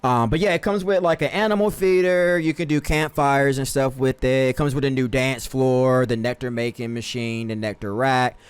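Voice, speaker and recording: A man talks through a life-sim game on a live stream in an easygoing, slangy way. He trips over words and fixes them as he goes, and his voice sits at an ordinary, mid-range pitch. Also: fairly even intonation, moderate pace, hardly any pauses, smooth. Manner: laid-back, slangy, corrects himself often. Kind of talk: casual gameplay commentary.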